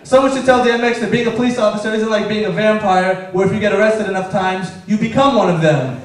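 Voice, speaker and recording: A man's voice: high voice, fast talker. A man doing a stand-up comedy set on a club stage, telling jokes in a wry manner. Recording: echoey club from a distance.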